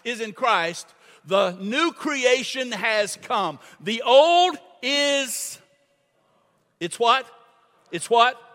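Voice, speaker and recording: An older man preaching to his congregation, with a high, bright voice and an unhurried delivery. He repeats phrases for emphasis and calls on the listeners to answer back. The church hall rings with a long echo. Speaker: pastor. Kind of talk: sermon. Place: church sanctuary.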